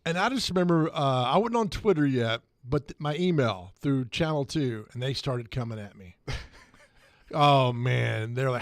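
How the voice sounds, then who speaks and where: A man hosting sports talk radio, telling animated anecdotes and laughing as he goes. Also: mid-range voice, normal speed, no room sound, studio quality. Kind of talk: casual sports talk storytelling.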